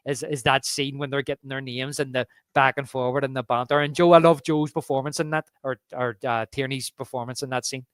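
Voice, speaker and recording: A man's voice: mid-range voice, steady tone, brisk, hardly any pauses, fairly bright tone, clean tone, no echo, clean studio sound. A man co-hosting a podcast, chatting casually about a film and retelling favourite scenes with relish. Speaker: podcast co-host.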